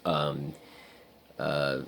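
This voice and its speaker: A man's voice: extremely low pitch, level tone, drawn-out words, creaky, a bit bright. A man telling a story in a casual vlog, rambling with lots of "like" and frequent swearing. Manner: rambling, heavy use of "like" and swearing. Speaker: vlogger.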